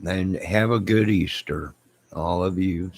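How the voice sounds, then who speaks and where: Slow, gravelly, deep-voiced man. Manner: rambling, repeats friendly sign-offs. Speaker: YouTube channel host. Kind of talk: casual live-stream chat to viewers.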